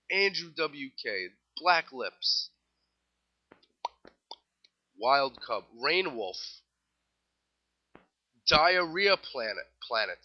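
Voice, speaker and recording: A young man with a New York accent runs through festival lineups in a casual solo show, tossing in dry little jokes between band names. His voice sits at an ordinary middle pitch. The recording is a bit dull and lo-fi. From New York City. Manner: wry, offhand asides while rattling off lists. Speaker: music news show host.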